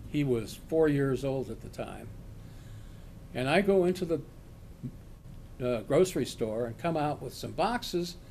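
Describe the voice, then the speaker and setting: An older man, a retired law professor, slowly telling a personal story and acting out the shouts in it. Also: fairly high pitch, slight background noise. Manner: slow, animated storyteller acting out quoted shouts. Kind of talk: oral history storytelling.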